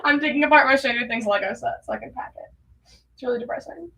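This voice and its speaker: A young woman hosting a casual livestream from home, chatty and excitable, breaking into giggles often. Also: a little high, fast talker. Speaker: livestream host. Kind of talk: casual live chat.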